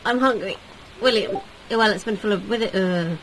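A woman's voice: mid-range voice, normal speed, a little hiss or hum, rough recording. A woman giving casual let's-play commentary, comically dramatic and given to whiny pleading. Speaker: video game player.

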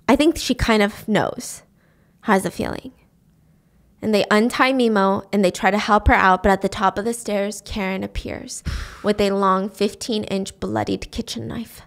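A woman's voice: fairly high pitch, moderate pace. A woman hosting a podcast, animatedly retelling a thriller plot in a casual way. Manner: animated retelling with voiced quotes. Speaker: podcast host. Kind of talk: casual story recap.

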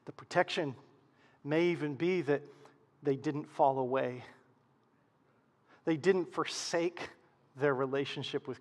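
A man preaching a sermon as pastor, swinging from loud emphasis to hushed, quiet lows. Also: big-room sound.

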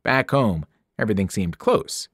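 A man narrating a novel aloud with expressive storytelling, his pitch rising and falling widely. The sound is dry and close, with no room around it. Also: moderate pace, dry recording. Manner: expressive first-person narration with character voices. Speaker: teacher reading aloud. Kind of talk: audiobook narration.

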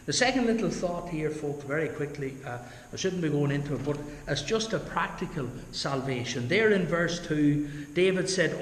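Pastor, earnest sermon with homely asides, slightly high voice, echoing church hall. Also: male voice, expressive, normal speed. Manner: earnest, drops low and soft at the end of points; tells homely stories with asides to the congregation. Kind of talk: Bible study sermon. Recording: echoey church hall, long reverb.

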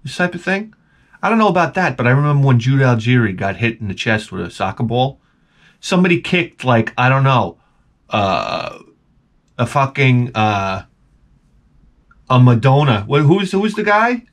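Animated, rambling middle-aged man telling stories. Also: medium pitch, moderate pace, pauses often. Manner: rambling, profane, animated storytelling. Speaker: vlogger. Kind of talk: casual storytelling monologue.

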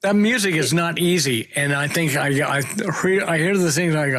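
A man's voice: on the high side, normal speed, fairly bright tone. A man hosting a casual interview chat, laughing often and trading stories with his guest in a chummy way. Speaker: podcast host.

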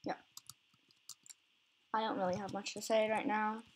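Her mid-range voice barely moves in pitch and keeps a moderate pace. A young woman recording a game, she chats casually and rambles, laughing self-consciously and giggling often.

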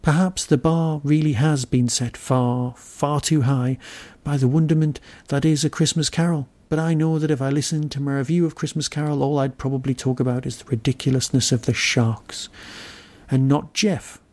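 A man's voice: medium pitch, steady tone, moderate pace, darkish tone. A man hosting a podcast, talking through a solo review in a wry, musing way and grumbling at himself now and then. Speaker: podcast host reviewing an episode.

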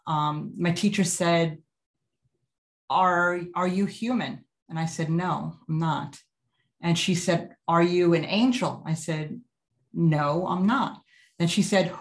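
A woman with a slightly low voice talks through a personal story on a video call. She is chatty and loose, restarting sentences and leaning on filler words as she acts out what people said. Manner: chatty, many fillers and restarts, quotes herself and others. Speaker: guest telling a past-life story. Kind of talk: casual storytelling.

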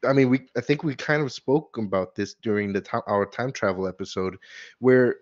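A man co-hosting a casual podcast chat about ghost stories, slangy and quick to laugh. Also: mid-range voice. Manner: laughing, slangy, says dude often. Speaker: podcast co-host. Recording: dull lo-fi sound.

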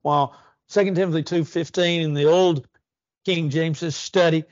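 A man delivers a church sermon with earnest conviction, stretching key words slowly and lifting his voice for emphasis. His voice sits a little high, recorded close and dry with a slightly dull, muffled sound. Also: fairly even intonation, dry recording. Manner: earnest, rising emphasis and slow drawn-out stresses. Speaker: preacher.

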